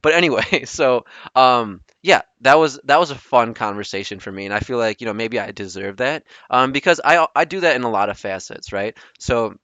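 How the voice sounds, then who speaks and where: A man's voice: medium pitch, expressive, a little fast, few pauses, fairly bright tone, no room sound, muffled recording. A young man hosting a casual storytelling podcast, rambling with lots of ums and restarts. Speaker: podcast host.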